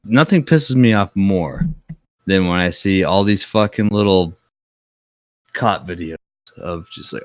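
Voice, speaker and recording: A man's voice: low-pitched, measured pace, fairly bright tone, dry recording. A young man co-hosting a podcast, talking in a blunt, profane, ranting way in casual chat. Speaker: podcast co-host.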